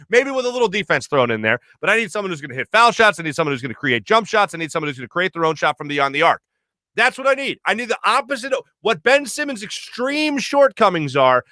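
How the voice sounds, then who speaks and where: Bright-voiced chatty male sports host. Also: high-pitched, big pitch swings, fast, dry recording, clean studio sound. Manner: loose, chatty, laughs often, rambling storyteller. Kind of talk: casual chat reading viewer comments. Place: studio.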